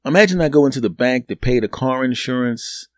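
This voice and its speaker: A man's voice: mid-range voice, expressive, fairly quick, no echo. A man hosting his own podcast, rambling through a comic solo monologue and acting out imagined conversations in exaggerated voices. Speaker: podcast host.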